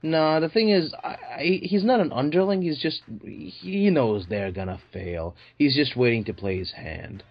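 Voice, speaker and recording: Man, casual comic chat, excitable, swears a lot, muffled lo-fi sound. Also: a little high, normal speed, gravelly, few pauses. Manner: excitable, swears, grand sweeping statements. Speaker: podcast co-host. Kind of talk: casual comic book discussion. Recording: dull lo-fi recording.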